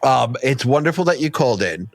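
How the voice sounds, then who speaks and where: A man's voice: medium pitch, lively intonation, brisk, dry recording. A man co-hosting a movie podcast, chatting casually with a dry, mock-serious manner. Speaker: podcast co-host.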